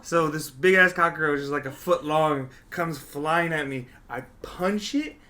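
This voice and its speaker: A young man hosts a podcast in a studio and chats casually, telling stories with lots of swearing. His voice is bright and forceful and sits a little high for a man. He gets loud and excited when he acts out scenes. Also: a little slow. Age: young adult. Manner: animated storyteller, swears freely, shouts when acting out scenes. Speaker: podcast host. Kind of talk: casual chat.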